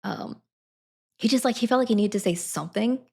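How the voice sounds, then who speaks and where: A woman's voice: fairly high pitch, a little fast, vocal fry, darkish tone, breathy edge. A woman chatting casually to her live stream audience, giggling between sentences. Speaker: Twitch streamer.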